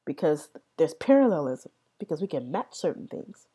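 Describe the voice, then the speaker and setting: Low slow woman vlogger rambling on, lotta "right?", mellow kinda husky voice. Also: very animated. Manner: rambling, repeats words, many "right?" checks. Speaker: vlogger explaining language. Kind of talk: casual explanatory talk.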